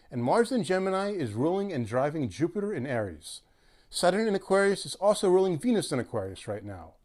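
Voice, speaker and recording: A man's voice: mid-range voice, a little mellow. A man talking as a guest astrologer in a sardonic, wisecracking comic monologue.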